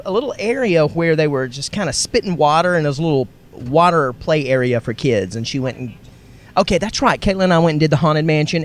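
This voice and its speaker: A man hosting a podcast, recapping a family trip in a rambling, chatty way while riding in a car. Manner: rambling, chatty, self-correcting. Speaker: podcast host. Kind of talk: casual travel recap. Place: car on the road. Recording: faint road noise. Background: faint vehicle rumble.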